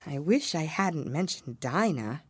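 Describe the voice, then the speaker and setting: A woman's voice: low voice, animated, a little slow, breathy edge, no echo, exaggerated voice. A woman voicing an earnest, polite young girl who talks eagerly and humbly in a storybook reading. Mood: wistful.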